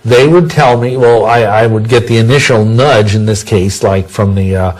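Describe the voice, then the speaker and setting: A man's voice: lowish voice, normal speed, a little mellow, poor audio. A man giving an interview, talking in a rambling, conversational way with many restarts and homely sayings. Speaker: interview guest.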